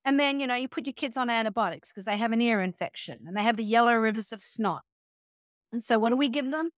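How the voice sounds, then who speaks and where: Animated high-voiced woman guest. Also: fast talker, no echo, clean studio sound. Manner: animated, acts out quoted voices, sarcastic asides. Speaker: guest, health and wellness coach. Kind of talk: casual interview chat.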